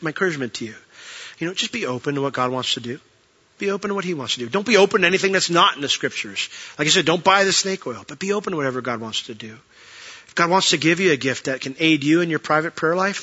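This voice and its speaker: A man's voice: on the high side, sharp tone, husky, lo-fi sound. A man preaching from a church pulpit, telling personal stories earnestly with frequent restarts and closing in prayer.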